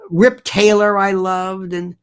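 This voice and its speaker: A man's voice: sits high, flat delivery, slow, clear, resonant tone. An older man hosting an opinion commentary monologue, sarcastic and digressive in his delivery. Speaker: commentary host.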